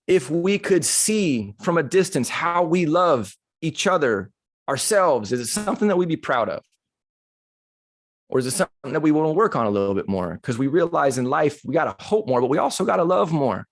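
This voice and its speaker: A middle-aged man giving a motivational talk to a live audience, telling a personal story in an animated, conversational way that turns emotional. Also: fairly high pitch, normal speed. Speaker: motivational speaker. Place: live retreat session.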